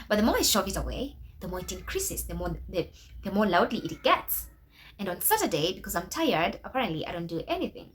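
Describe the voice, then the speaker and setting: A woman's voice: medium pitch, a little hiss or hum. A young adult woman vlogger telling a story to camera in a casual, emphatic way, with religious exclamations.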